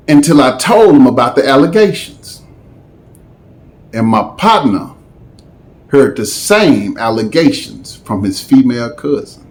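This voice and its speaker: A man's voice: on the high side, animated, moderate pace, pauses often. A man telling a story in a casual, slangy way, with dramatic asides.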